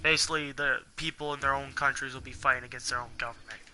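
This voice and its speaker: Venting heatedly in an angry monologue, a young man who runs a gaming channel swears constantly and rambles to his viewers. His mid-range voice is bright and forced with fairly even intonation at a quick pace, over slight background noise.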